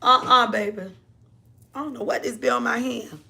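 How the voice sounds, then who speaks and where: A woman's voice: a little high, fairly even intonation, normal speed, gravelly, bright, forceful tone, husky. A woman hosting a casual livestream, chatting with viewers, laughing often and calling them honey and baby. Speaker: livestream host.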